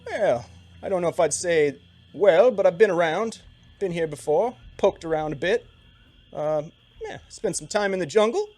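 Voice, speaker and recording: Man doing a scruffy friendly guide, tabletop game voice, put-on fantasy accent, high and loud, matey. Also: lively intonation, moderate pace. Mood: chummy. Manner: chummy, loud and easygoing, calls everyone mate. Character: friendly scruffy human male wilderness guide.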